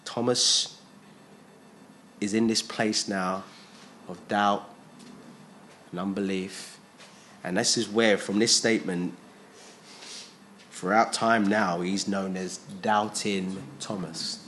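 A man's voice: on the low side, fairly even intonation, takes it slowly, long pauses, fairly bright tone, a little hiss or hum. A man preaching a sermon. He is emphatic, repeats his phrases and asks his listeners rhetorical questions.

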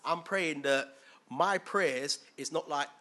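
Bright-voiced man preaching casually. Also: a little high, takes it slowly. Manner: conversational, asks listeners questions, acts out quoted voices. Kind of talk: informal sermon.

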